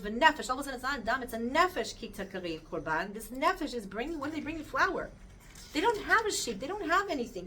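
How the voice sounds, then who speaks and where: A middle-aged woman teaching the weekly Torah portion in a bright, fairly high voice. She is earnest and animated, and she mixes Hebrew terms into her English. She often stops to ask her listeners questions. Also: slightly rough. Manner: speaks directly to listeners with questions.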